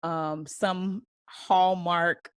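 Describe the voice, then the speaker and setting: A woman's voice: on the low side, drawn-out words, smooth. A woman co-hosting a casual podcast, chatting with slang and frequent laughter. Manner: laughing, animated storytelling with slang. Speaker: podcast co-host. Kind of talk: casual chat.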